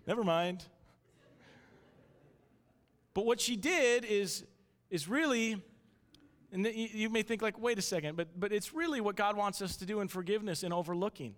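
A pastor in his thirties gives a casual, chatty sermon full of restarts, telling family stories and acting out the voices in them. His voice is high-pitched and fairly bright at a moderate pace, with long hall reverb on the recording.

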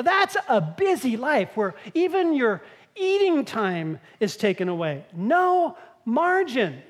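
A woman preaching a sermon with lively, storytelling energy. She acts out the quoted lines as she teaches. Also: a little high.

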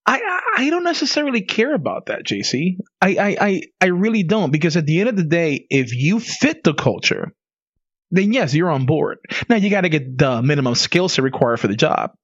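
A man co-hosting a casual podcast talks with an emphatic, animated manner and laughs often. His voice sits a bit high and swings widely in pitch. The recording is dry and slightly dull. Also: fairly quick, slightly rough, no echo. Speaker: podcast co-host. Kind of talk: casual conversation.

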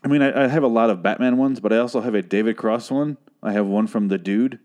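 A man's voice: medium pitch, quick pace, a little mellow. A man hosting a podcast, recapping a TV episode in a rambling, sarcastic, profane way. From Phoenix, Arizona, USA. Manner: rambling, sarcastic, swears a lot. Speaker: podcast host.

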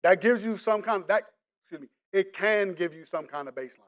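A man's voice: sits high, a little fast. A middle-aged man from the Washington DC area with a local accent, preaching a casual, joking sermon straight to the congregation. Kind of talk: conversational sermon.

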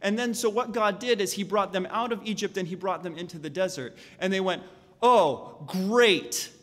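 A man preaching a sermon as a pastor, animated and acting out the voices of the people in his story. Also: sits high, fast talker. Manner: animated, acts out voices of the Israelites and God. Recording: long hall reverb.

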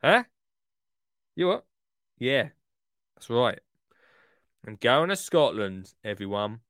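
A man's voice: mid-range voice, big pitch swings, takes it slowly, long pauses, a bit bright, no echo, clean studio sound. A man hosting a podcast in a chatty, rambling, jokey way. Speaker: podcast host. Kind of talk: casual podcast chat.

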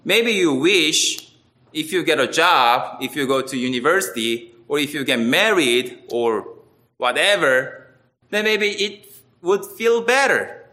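Slow, bright-voiced man preaching. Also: on the high side, lively intonation. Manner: earnest, emphatic, with wide swings between loud and quiet. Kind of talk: sermon.

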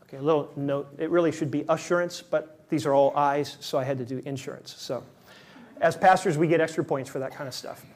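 A male pastor preaching a sermon, shifting between lively acted-out quotes and soft, slow, quiet lines, with self-deprecating humor. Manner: animated, acts out quotes with rising pitch and volume; self-deprecating humor, laughs at own slips.

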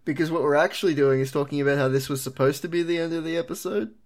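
A podcast host in casual chat, animated and joking. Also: mid-range voice, rapid-fire.

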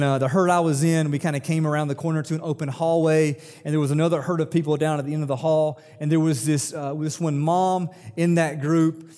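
A man's voice: a little high, warm tone. Pastor, male, casual storytelling sermon with emphatic peaks, voice ringing in a large hall. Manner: conversational, personal stories, rising emphasis when quoting. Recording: long hall reverb.

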